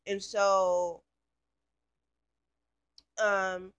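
A woman's voice: mid-range voice, little pitch movement, very slow, smooth, muffled recording. A woman telling a story in a casual, rambling rant, full of fillers and swearing. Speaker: vlogger.

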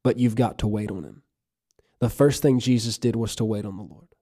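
Male preacher, sermon, mellow dark tone, earnest emphatic delivery. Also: lowish voice, a little fast. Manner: earnest, emphatic preaching, reading scripture aloud.

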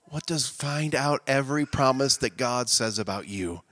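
A man preaching a conversational sermon, casual and talkative, breaking into loud impassioned shouts. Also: mid-range voice, expressive, moderate pace. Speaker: speaker at a women's event.

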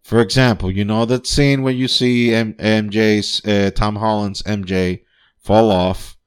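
A man's voice: fairly low pitch, steady tone, measured pace, clean tone. A man hosting a podcast and reviewing a film in loose, profane chat, full of fillers and restarts. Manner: laughs often, enthusiastic. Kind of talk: casual spoken review.

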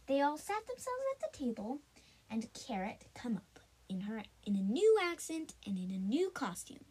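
A woman improvising a told story, halting often with restarts and fillers. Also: fairly high pitch, sing-song, darkish tone, breathy edge, low-quality recording.

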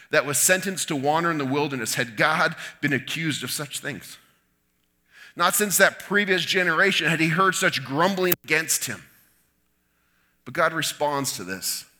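A man preaching a sermon, retelling a Bible story in an animated way with asides to his listeners. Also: fairly high pitch.

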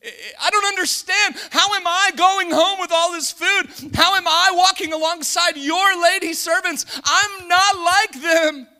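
A man voicing a young foreign widow who pleads in a loud, stammering, bewildered way. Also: fairly even intonation, a little slow, few pauses, full character voice. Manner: high, loud and exclaiming, stammering repeats.

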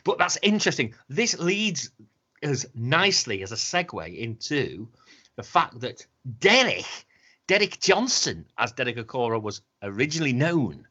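A man's voice: mid-range voice, very animated, moderate pace, pushed and bright, slightly rough. Man, casual sweary chat, muffled lo-fi audio. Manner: sweary, rambling, slips into mock voices. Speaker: podcast co-host.

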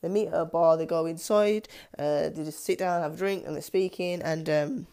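A woman with a low voice talks through a film's story in a loose, casual way. She stops often to say um and goes back to restart her sentences. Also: moderate pace, gravelly, mellow. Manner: hesitant, many ums and restarts. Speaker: film discussion vlogger. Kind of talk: casual plot retelling.

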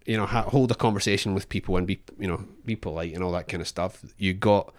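A man's voice: low voice, quick pace. A man from Scotland, co-hosting a podcast in casual chat, rambling and self-deprecating, laughing often and swearing. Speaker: podcast co-host.

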